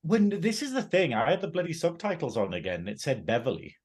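A man's voice: a little high, wildly swooping pitch, brisk. A man with a northern English accent co-hosting a casual review chat, laughing often and acting out his own reactions. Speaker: podcast co-host.

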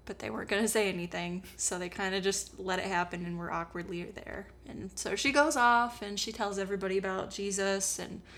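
A woman's voice: mid-range voice, vocal fry, a bit bright. Brief: woman podcast host, casual comedic storyteller, slangy. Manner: chatty, irreverent, slangy.

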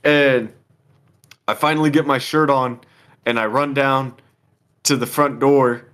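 A man's voice: medium pitch, fairly even intonation, measured pace, fairly bright tone. A young man telling a rambling story in a casual chat. He is laid-back, swears a lot and laughs often. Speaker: podcast co-host telling a story.

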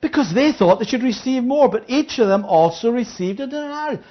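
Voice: medium pitch, brisk. A Bible teacher leading an interactive study, checking in with listeners and acting out the parable's speakers. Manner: checks in with listeners, asking "Yeah?"; acts out the parable's speakers in lively voices. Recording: dull lo-fi recording.

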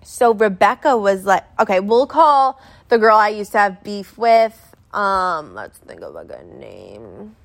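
A woman's voice: medium pitch, sing-song, a little slow, vocal fry. A young adult woman telling a story in casual chat, rambling and filling it with constant "like". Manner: rambling, filler-heavy with constant "like".

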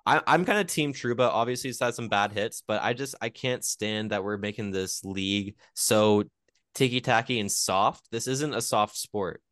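A man's voice: lowish voice, moderate pace, a bit bright, dry recording, clean studio sound. A man co-hosting a hockey podcast, steering the casual chat and putting questions to the others. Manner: leads the discussion, asks the others questions. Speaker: podcast co-host.

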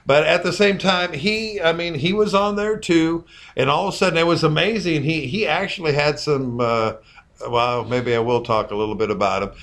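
A man's voice: on the high side, moderate pace, a bit bright. A man co-hosting a casual church discussion podcast, telling rambling anecdotes that drift from one example to the next. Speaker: podcast co-host.

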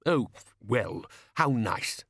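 A man's voice: medium pitch, animated, drawn-out words, gravelly, a bit bright, breathy edge, no echo, clean studio sound, exaggerated voice. A man voicing a nervous, frail old male wizard who talks in a weak, quavering way. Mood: timid.

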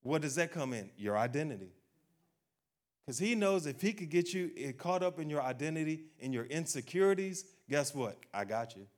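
A man's voice: expressive, moderate pace. Man preaching a conversational sermon. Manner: acts out doubters' complaints in a low, quiet voice; direct, conversational preaching to the congregation. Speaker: pastor.

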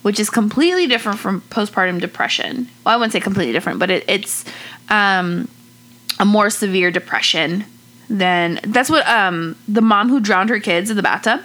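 A woman walking through a true-crime case in easy podcast chat. She talks loosely and swears now and then. Her voice is bright and clear at a middle pitch. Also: normal speed. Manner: relaxed storyteller, casual swearing. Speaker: podcast co-host.

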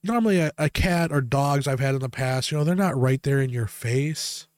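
A man chatting casually on a podcast, telling long animal stories with plenty of swearing and lively quoted asides. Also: mid-range voice, moderate pace, crowd noise. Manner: casual, profane, animated when quoting himself. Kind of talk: casual storytelling chat.

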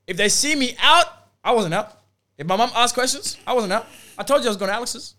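A man's voice: extremely high pitch, lively intonation, fast talker, pushed and bright. A young man chatting casually with friends, teasing and bantering. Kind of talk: casual chat.

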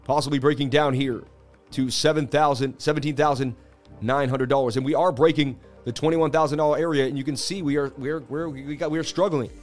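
A man hosting a live-streamed market analysis, talking in an animated, casual, hype-driven way. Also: a little high, brisk, faint music behind. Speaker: crypto market analyst host.

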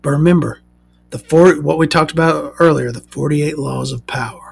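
Sarcastic, gravelly-voiced woman vlogger. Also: deep voice, moderate pace. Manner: sarcastic, profane and mocking. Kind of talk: casual storytelling rant.

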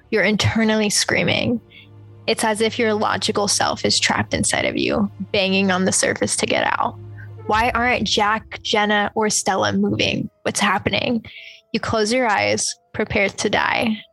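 Husky young woman reading a horror story. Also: medium pitch, lively intonation, faint music behind, low-quality recording. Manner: slows into hushed dramatic narration. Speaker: story reader. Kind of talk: casual chat and reading a choose-your-own-adventure horror story aloud.

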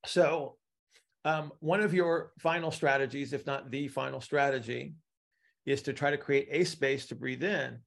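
A man's voice: medium pitch, steady tone, unhurried, vocal fry, a bit bright. A man teaching a live class, explaining with analogies and often checking in with "right?". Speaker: instructor.

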